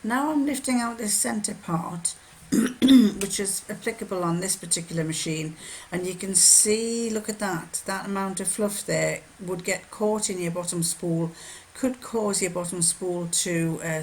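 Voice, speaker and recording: A woman's voice: fairly low pitch, a little slow, darkish tone, a little hiss or hum. An older woman from northern England, chatting casually in a rambling, anecdotal sewing vlog. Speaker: sewing vlogger. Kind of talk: casual chat.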